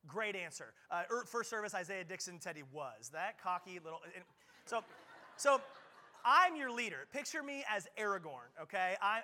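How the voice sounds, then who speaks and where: A male pastor preaching a lively sermon at a church service, playful and joking with frequent quick restarts. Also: sits high. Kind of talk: lively sermon with audience play.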